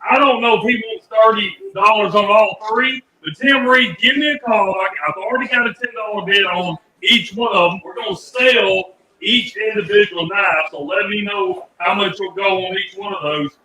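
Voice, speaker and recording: A man hosting a live radio auction, calling out bids loudly and joking with callers. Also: high voice, moderate pace, roomy sound, slight background noise, rough recording. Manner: energetic, loud, joking.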